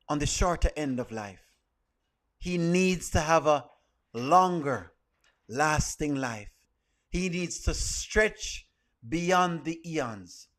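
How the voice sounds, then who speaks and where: A man doing a deep solemn infomercial announcer. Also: a bit bright, full character voice. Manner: slow, drawn-out sales pitch. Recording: roomy echo.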